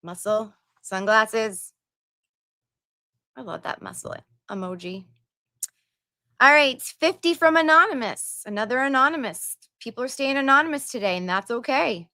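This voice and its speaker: Woman livestream host reading out donations, chatty asides, kinda high voice, dry sound. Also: lively intonation, normal speed, sharp tone, no room sound. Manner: chatty, reads viewer messages aloud with asides. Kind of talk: casual livestream chat.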